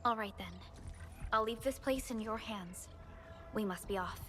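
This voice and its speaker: An actress playing a composed young field leader in a game, speaking politely and in a businesslike way. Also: female voice, medium pitch, unhurried, pushed and bright. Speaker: game character. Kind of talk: game voice acting. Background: faint game music.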